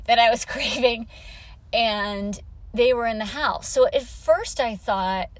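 A woman with a slightly high voice chats casually to camera as the host of her own vlog. She rambles along with plenty of "like" and restarts, and she springs up in pitch whenever she acts out what she was thinking. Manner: chatty, full of "like" and restarts; animated, acts out her own thoughts with quick pitch jumps. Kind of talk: casual chat.

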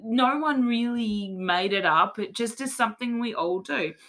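A woman's voice: a little high, a little slow, fairly bright tone. An Australian woman hosting a casual podcast, telling a tall tale in a mock-serious, playful way. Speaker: podcast host.

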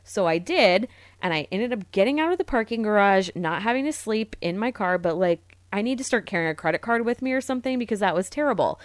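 A woman's voice: medium pitch, animated, fast, no room sound. Woman, 30s, casual podcast co-host; chatty, self-deprecating, dry close mic. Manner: chatty storyteller, self-mocking.

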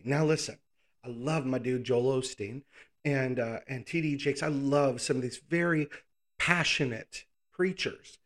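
A pastor preaching in a casual, conversational way, reading scripture and pausing to think aloud with informal asides. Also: male voice, mid-range voice, expressive. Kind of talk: conversational sermon, Bible teaching.

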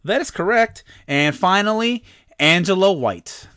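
A man's voice: sits high, animated, a little slow, pushed and bright, clear, resonant tone, no echo, clean studio sound. A man hosting a comedy podcast, reading quiz questions in a playful, mock-serious way. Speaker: podcast host.

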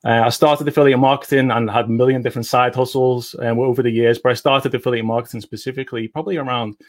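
A middle-aged man with a Liverpool accent, a friendly guest on an online interview, talking quickly and easily. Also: mid-range voice, fairly even intonation.

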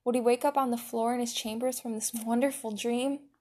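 A woman reading fan fiction aloud with expressive narration. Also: fairly high pitch, fairly quick. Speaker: reader.

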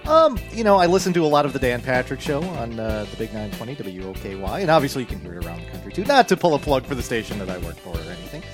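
A man talking as a game show panelist, relaxed and rambling with plenty of fillers. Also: medium pitch, very fast, few pauses, over music. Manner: relaxed, rambling, self-deprecating. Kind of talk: casual podcast chat.

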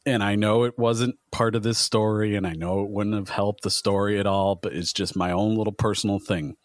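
A man's voice: lowish voice, steady tone, fairly quick, dry recording, studio quality. A man co-hosting a podcast in casual chat, airing a wry little complaint. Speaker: podcast co-host.

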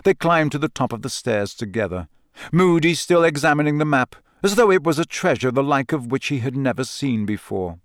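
In clean studio sound with a dry recording, a man of medium pitch reads a novel aloud. He is an audiobook reader giving scripted narration in a measured, even way.

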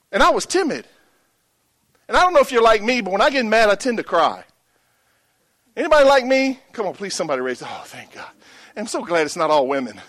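A man's voice: very high-pitched, a bit bright. A middle-aged pastor preaching a sermon, telling a story and calling out to his congregation for a response.

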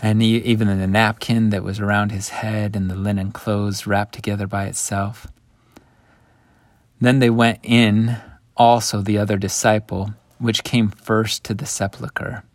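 Man, scripture lesson, low-pitched, animated storytelling, dry recording. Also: a little slow, no echo. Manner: animated storytelling, swinging between hushed and lively. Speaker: scripture teacher.

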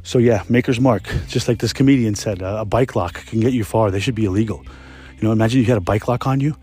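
A man's voice: fairly low pitch, quick pace, darkish tone, breathy edge. A young man hosting a podcast, telling work stories in a rambling, profane, laid-back way. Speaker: podcast host, restaurant cook. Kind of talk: casual solo storytelling.

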